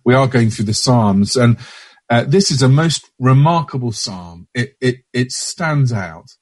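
Man, preacher, sermon, husky voice, dry close sound, stops and restarts often. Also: medium pitch, expressive, unhurried, no room sound. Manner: hesitant, with frequent restarts and fillers. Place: church.

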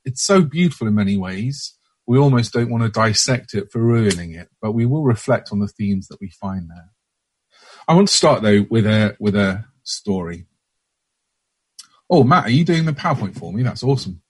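Man, preacher, sermon, husky voice, dry close sound, stops and restarts often. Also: fairly low pitch, expressive, moderate pace, no room sound. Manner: hesitant, with frequent restarts and fillers. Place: church.

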